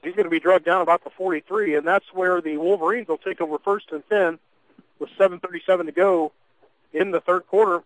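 A man doing play-by-play commentary of a high school football game for local radio, chatty and folksy, with frequent fillers and restarts. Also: steady tone, brisk, no echo, poor audio. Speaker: play-by-play announcer.

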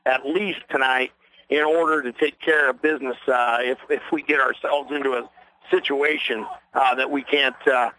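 A man doing play-by-play for a local radio broadcast of a ball game, folksy and rambling, quickening on big plays, with a voice worn from a long night. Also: medium pitch, fairly even intonation, pushed and bright, low-quality recording. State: losing his voice. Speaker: play-by-play announcer. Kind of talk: local radio sports commentary.

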